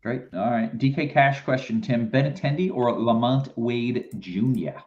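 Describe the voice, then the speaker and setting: A man's voice: mid-range voice, a little slow, a little mellow. A man hosting a casual live stream, reading viewer questions aloud to his guests. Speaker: host. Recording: dull lo-fi stream audio.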